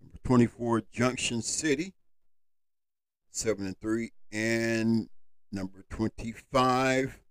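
Reading a rankings list on his solo sports podcast, this man builds emphasis as he goes and drops loose, casual asides for listeners. He speaks slowly in a smooth, medium-pitched voice. The audio is poor, though without echo.

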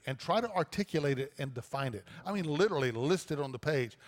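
Male pastor, conversational sermon delivery, somewhat high pitch, long church-hall reverb. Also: lively intonation, a little fast, hardly any pauses. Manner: conversational preaching with repeated restarts. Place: church auditorium.

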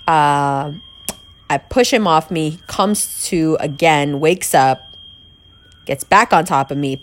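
A woman with a somewhat low-pitched voice tells a personal story in a candid, conversational way. She fills her talk with "like" and acts out what she said back then. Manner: chatty, peppered with "like", quoting herself.

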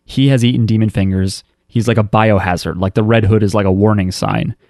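On a podcast, a man casually recaps an anime episode in a wry, loose style, rambling through his story with lots of fillers and frequent restarts. His voice is on the low side, steady and a little mellow, and he speaks briskly. The recording is dry and studio quality.

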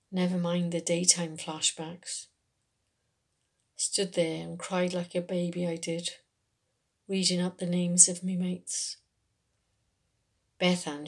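A woman reading a first-person short story, telling it in an unhurried, conversational way in a working man's dialect. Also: fairly low pitch. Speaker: story reader.

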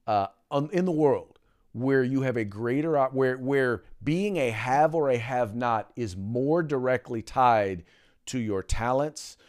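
A man's voice: medium pitch, measured pace, a little mellow, clean tone. A man hosting a podcast in casual political commentary, making emphatic points with many "uh" fillers and restarts. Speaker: podcast host.

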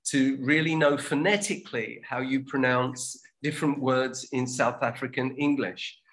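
A man's voice: medium pitch, normal speed, a bit bright. A man co-hosting a language-learning show in casual chat, chatty and given to restarts. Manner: chatty, restarts often, promotional asides.

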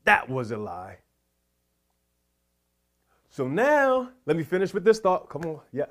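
Fervent preacher man, higher voice. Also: huge pitch swings, measured pace, fairly bright tone. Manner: fervent, prayerful, repetitive exhortation. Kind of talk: sermon.

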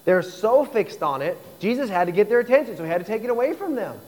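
A man's voice: high voice, sing-song, fast, darkish tone. Earnest preaching man, hall echo. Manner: earnest preaching, acting out imagined dialogue. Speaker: pastor. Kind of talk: sermon.

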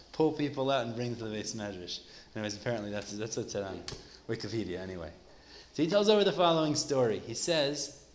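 Casual male storyteller, mid-pitched, echoey room with a faint hiss behind. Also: fairly bright tone. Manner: conversational, sprinkled with Hebrew and Yiddish terms. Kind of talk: casual retelling of a religious story.

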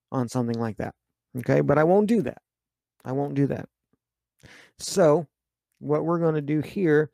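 Male pastor, podcast sermon, gravelly voice, dry close sound. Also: fairly high pitch, darkish tone, no echo. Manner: earnest, repetitive preaching.

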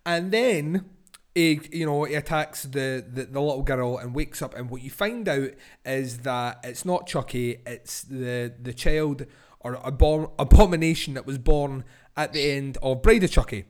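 A man hosting a podcast, cursing, laughing and building into loud film-review tirades. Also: medium pitch, a little slow. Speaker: podcast host. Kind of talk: casual film-review rant.

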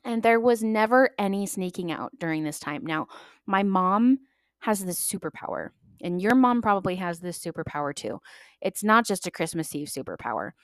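A young adult woman hosting a podcast, telling stories in a chatty, animated way and acting out the voices of people she quotes. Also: medium pitch, moderate pace, dry recording, studio quality. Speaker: podcast host. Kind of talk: casual storytelling monologue.

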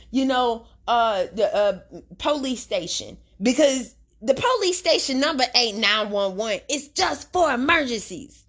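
A young woman talks straight into the mic on her own podcast, voice sitting a little high for a woman. She rants bluntly, swears freely and leans on street slang as she picks apart a story. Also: lively intonation, unhurried, a bit bright. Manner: profane, blunt, heavy slang, dramatic retelling. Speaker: podcast host. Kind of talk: casual commentary monologue.

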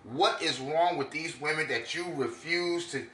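Scornful ranting man, bright and roomy. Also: on the high side, a little slow. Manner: scornful, preachy and emphatic. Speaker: commentator reacting to clips. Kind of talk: ranting video commentary.

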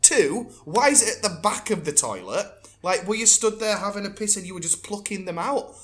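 A man's voice: sits high, animated, brisk. A man, co-hosting a crude casual podcast, ranting with lots of swearing and laughter. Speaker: podcast co-host.

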